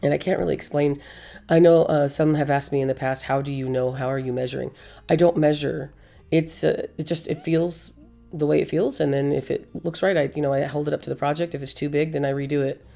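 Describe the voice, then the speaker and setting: Hoarse gravelly woman crafting tutorial. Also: sits low, fairly even intonation, brisk, warm tone. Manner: chatty, rambling, self-correcting. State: hoarse, losing her voice. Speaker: craft channel host. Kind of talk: casual crafting tutorial voice-over.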